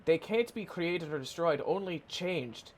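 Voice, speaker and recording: A man's voice: a little high, animated, unhurried, a little hiss or hum. A man voicing a modest handyman with a put-on Irish accent, rambling folksily. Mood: folksy.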